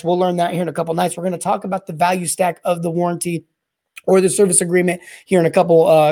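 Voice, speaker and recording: A man hosting a solo podcast on plumbing service and sales, talking in a rambling, energetic way that often repeats and restarts words. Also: on the high side. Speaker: podcast host.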